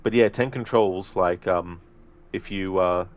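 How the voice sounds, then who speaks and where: A man's voice: sits low, a little slow. A man streaming a video game, chatting casually and reading out chat messages. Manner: relaxed, rambling, reads chat aloud.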